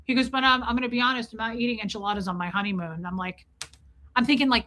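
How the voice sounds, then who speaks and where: A woman hosting a casual livestream, greeting viewers by name and telling a self-mocking story in an animated way. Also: fairly high pitch, fast talker. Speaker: livestream host. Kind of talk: casual livestream chat reading viewer comments.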